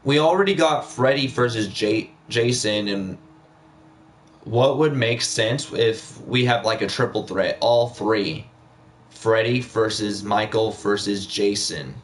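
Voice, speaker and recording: A man's voice: fairly low pitch, slow, a little hiss or hum. A young man chatting casually on a live stream, rambling with many fillers and repeating himself.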